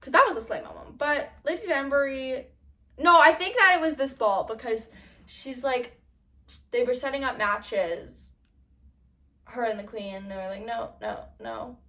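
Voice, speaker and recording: Young woman rambling excitedly on her vlog, high voice, sounds a bit away from the mic. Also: moderate pace, recorded from a distance. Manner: chatty, gushing, full of fillers and laughs. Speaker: vlogger. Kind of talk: casual chat.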